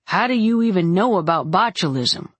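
A woman's voice: on the low side, animated, normal speed, a bit bright, breathy edge, dry recording. A woman voicing a commanding adult male mage who roars when alarmed and turns wooden and precise when explaining things. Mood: stiff, wooden.

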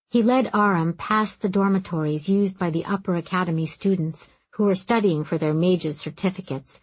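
A woman reading a story aloud, in a calm, steady narration. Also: lowish voice, husky, no echo. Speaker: audiobook narrator. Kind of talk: scripted narration.

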